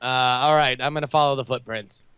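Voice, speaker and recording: A man's voice: medium pitch, steady tone, fairly quick, fairly bright tone, smooth, no echo, muffled recording. A man playing a tabletop game, talking hesitantly with many stammers and fillers. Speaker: player. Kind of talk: tabletop role-play.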